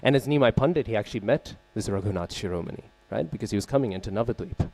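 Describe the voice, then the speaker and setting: Male temple class speaker, fairly low voice with a warm, soft tone; casual storytelling lecture that keeps checking in with listeners. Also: animated, quick pace. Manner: conversational, frequent "right?" check-ins and fillers; openly searches for names and terms. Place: temple hall.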